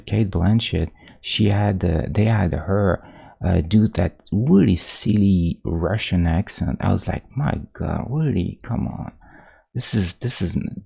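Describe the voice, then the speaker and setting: A man streaming his pixel art, chatting casually about movies in a rambling, halting way full of restarts that turns animated. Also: low voice, vocal fry, slightly rough. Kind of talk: casual chat while drawing on stream.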